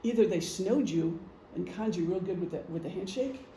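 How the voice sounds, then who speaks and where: Speaking in a high, brisk, mellow voice, a middle-aged man chats through an informal presentation for a group. He leans on examples and lots of ums. The meeting room sounds echoey, with a faint hum present.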